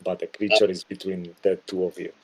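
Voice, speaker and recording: Man, dungeon master, tabletop game, low voice, loose filler-heavy narration, voice call. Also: flat delivery, a little fast, slightly rough. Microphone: headset or desk mic on a voice call.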